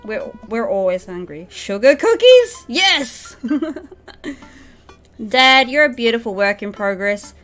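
A woman's voice: on the high side, slow pace, pauses often, sharp tone, soft background music. A young woman streaming a game live, reading its dialogue aloud and laughing often as she chats with viewers. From New Zealand. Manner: giggly, chatty with viewers, reads game lines in a playful voice.

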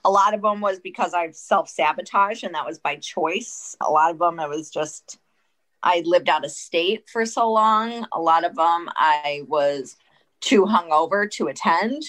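A woman co-hosting a podcast who chats casually and candidly about recovery, with an expressive delivery and some swearing. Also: fairly low pitch, unhurried. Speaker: podcast co-host. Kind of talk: casual chat.

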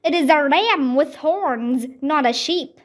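A woman's voice: high-pitched, animated, slow. A woman reading a children's audiobook aloud and voicing a tiny boy prince from another world who is earnest, insistent and politely pleading.

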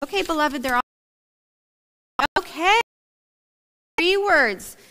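A woman's voice: very high voice, lively intonation, slow pace, very noisy. A woman pastor leading a playful, interactive children's story, coaxing the kids to act it out. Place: church sanctuary. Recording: echoey church hall.

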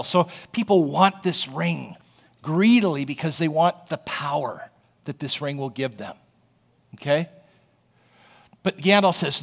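A man's voice: on the high side, unhurried, gravelly, long pauses. A man who is a pastor, preaching a sermon in a conversational, storytelling way and often checking in with the congregation. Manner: storytelling, animated.

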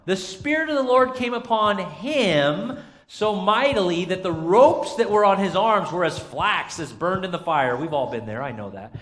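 A man's voice: high voice, lively intonation, moderate pace, fairly bright tone. A man preaching as pastor, running an interactive Bible trivia quiz with his congregation, chatty and full of fillers. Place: church sanctuary. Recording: long church reverb.

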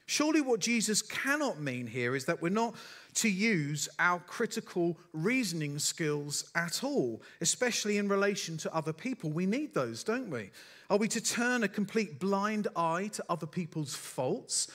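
A man's voice: high voice, big pitch swings, normal speed, a bit bright. A man as the preacher, giving a sermon and telling stories with dry, self-deprecating humour. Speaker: pastor.

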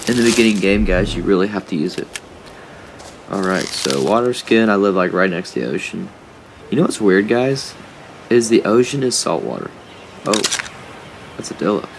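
A man's voice: low voice, lively intonation, moderate pace, creaky, long pauses, slight background noise. A young man giving casual, rambling commentary while he plays, chatting to his viewers and to the animals in the game. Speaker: gaming YouTuber.

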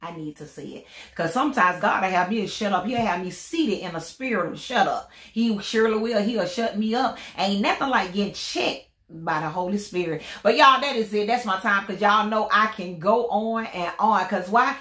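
A woman's voice: mid-range voice, moderate pace, fairly bright tone, echoey room. A woman vlogging about her faith through illness, in some pain, talking in a repetitive, preachy way and chanting her sign-off lines. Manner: preachy, repetitive, sings out catchphrases. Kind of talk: casual faith-filled vlog chat.

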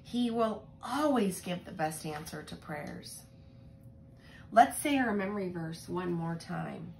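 A woman telling a Bible story to young children in a gentle, expressive way, often asking them questions. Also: on the low side, takes it slowly, gravelly, slight background noise. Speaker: children's Sabbath school teacher.

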